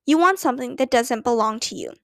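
A woman doing a flat, stubborn little boy. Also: fairly high pitch, fast talker, creaky, dry recording, clean studio sound. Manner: flat and calm.

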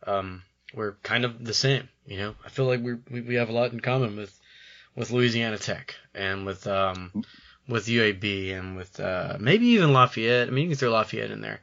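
A man's voice: fairly low pitch, moderate pace, vocal fry, fairly bright tone, highs cut off. A man co-hosting a podcast, talking casually about college sports in rambling sentences with frequent stammered restarts. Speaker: podcast co-host.

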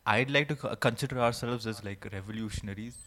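A man's voice: lowish voice, fast, fairly bright tone. A young man from India co-hosting a podcast, telling stories animatedly in casual slang. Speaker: podcast co-host. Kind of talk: casual chat among friends. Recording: crowd noise clearly heard behind.

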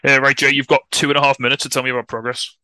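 A man co-hosting a podcast, chatting casually and excitably, swearing and laughing often. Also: medium pitch, very fast, no room sound. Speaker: podcast co-host. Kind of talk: casual wrestling podcast chat.

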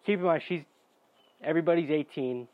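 A man's voice: a little high, brisk, dry recording. Young man, casual storytime rant, profane and exasperated, dull dry lo-fi sound. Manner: profane, exasperated, bursts into shouting.

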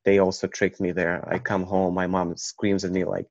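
A man from Ukraine telling a personal story in a halting way, with many restarts. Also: deep voice, completely flat delivery, vocal fry, darkish tone, no room sound. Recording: dull, muffled recording.

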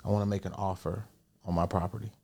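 Lively low-voiced man telling a story. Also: fast. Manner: animated, acts out quoted voices. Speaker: podcast guest, business coach. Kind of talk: storytelling and motivational advice.

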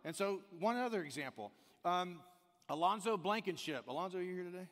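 A man from the American South preaching a sermon in a church, animated, swinging between loud emphasis and quiet intensity. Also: sits high, brisk, a little hiss or hum. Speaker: pastor. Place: church sanctuary. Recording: long hall reverb.

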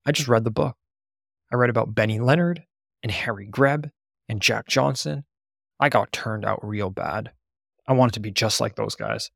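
Gravelly, husky man reading a memoir. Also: on the low side, animated, moderate pace, no echo, studio quality. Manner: blunt, profane storytelling. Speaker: narrator. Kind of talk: first-person memoir narration.

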